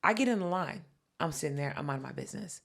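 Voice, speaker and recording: Animated, profane woman podcast host. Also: sits low, fast talker, gravelly. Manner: animated, profane, acts out quotes. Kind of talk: casual chat, storytelling.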